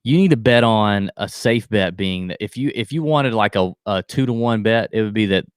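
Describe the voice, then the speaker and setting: Man, podcast co-host, playful, loud, smooth voice, dry sound. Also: on the low side, normal speed, dry recording. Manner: loud, playful, hams up a mock Aussie cheer. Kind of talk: casual betting chat.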